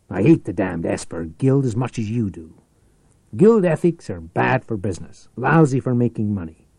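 A man voicing a ruthless, scheming rich businessman who talks forcefully and persuasively. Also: lowish voice, creaky, slightly rough, dry recording, heavily acted.

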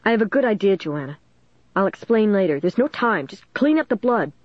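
A woman's voice: medium pitch, very animated, fairly quick, no room sound, lo-fi sound. A woman voicing a tense teenage boy who gives urgent, clipped orders in a storybook reading.

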